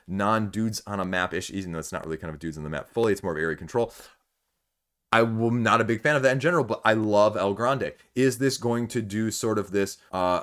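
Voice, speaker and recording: Host, male, Michigan Midwestern accent, lowish voice, rambling and thinking out loud to camera. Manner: rambling, thinking aloud with many fillers. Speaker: board game channel host. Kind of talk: casual talk to camera.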